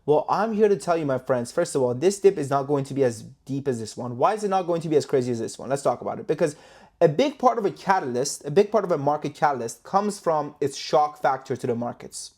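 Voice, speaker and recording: A Canadian man who runs a stock trading YouTube channel hosts a market commentary vlog indoors in London. His voice is fairly high, animated, fast, and a bit dark in tone, and his style is brash, profane, and hype-driven, packed with rhetorical questions.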